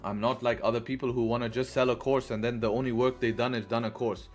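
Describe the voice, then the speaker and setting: Over soft background music, a male trading livestream host speaks quickly at a medium pitch with a steady tone. His manner is conversational, with frequent "right?" tags and the occasional curse thrown in.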